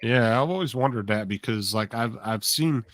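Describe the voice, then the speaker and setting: A man's voice: mid-range voice, moderate pace, no room sound. A man talking in a casual chat, rambling and curious, often repeating words as he works out what he wants to say. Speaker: co-host on a live stream.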